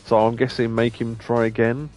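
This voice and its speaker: A man's voice: medium pitch, flat delivery, moderate pace, darkish tone, faint music behind. A man chatting casually while playing a game, musing aloud and laughing often. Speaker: let's play streamer. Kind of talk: casual gameplay commentary.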